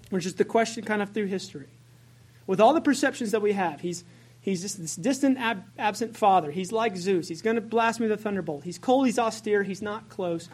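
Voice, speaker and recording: Brief: female preacher, mid-pitched, conversational sermon, poses questions, self-corrects. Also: a little mellow, breathy edge. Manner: conversational, asks the congregation questions; self-correcting as she goes.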